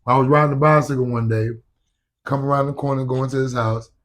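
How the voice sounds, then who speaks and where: A young man chatting on a podcast as a guest, at a middle pitch for a man. He tells stories with lots of animation, jokes around, and now and then shouts a word out loud. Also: fairly even intonation, quick pace. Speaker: actor guest. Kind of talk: casual podcast chat.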